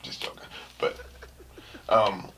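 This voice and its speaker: A man's voice: slow, noisy background. A man hosting his own podcast, telling a story in a casual, slangy way and acting out the quotes. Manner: animated, slangy, acts out quotes and screams. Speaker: podcast host.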